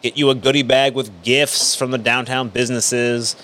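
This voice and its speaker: A man's voice: medium pitch, little pitch movement, normal speed, pushed and bright. A man co-hosting a casual radio podcast, reading local event listings in an upbeat, jokey way. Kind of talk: casual chat.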